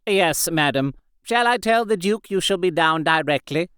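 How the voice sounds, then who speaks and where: A man's voice: on the high side, lively intonation, moderate pace, a bit bright, clean tone, no echo, studio quality, voice pushed up. A man doing a deferential old butler. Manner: formal, deferential. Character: patient, formal old male butler.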